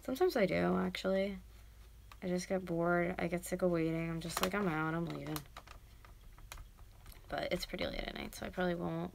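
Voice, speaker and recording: A woman in her twenties from North America, chatting casually on a late-night livestream at home. She rambles with lots of fillers and sometimes yells loudly to wake someone. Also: on the low side, fairly even intonation, fairly quick, creaky, slight background noise. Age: 20s. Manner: rambling, filler-heavy, breaks into loud yelling to wake someone. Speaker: vlogger livestreaming. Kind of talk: casual livestream chat while doing art.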